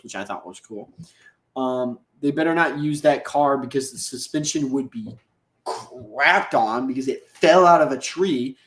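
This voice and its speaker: Man, podcast host, casual rambling recap, slangy, echoey room, middle pitch. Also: fairly bright tone. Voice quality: rambling, slangy, acts out characters' lines.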